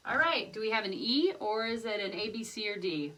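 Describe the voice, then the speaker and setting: Singing brief examples before speaking the rhythm syllables aloud, this woman teaches rhythm in an expressive, medium-pitched voice at a moderate pace with few pauses. Her distant mic picks up loud background noise.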